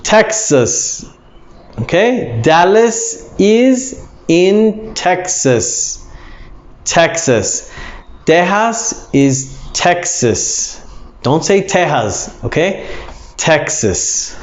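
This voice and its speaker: A man teaching English pronunciation, repeating each word slowly with exaggerated emphasis. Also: high voice, sing-song. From United States. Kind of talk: pronunciation lesson. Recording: echoey room, slightly dull sound.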